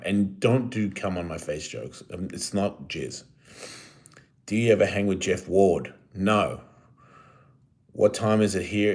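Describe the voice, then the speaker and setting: A middle-aged man hosting a live stream, chatting casually with his viewers in a rambling, joking and profane way. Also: low voice. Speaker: live-stream host answering chat.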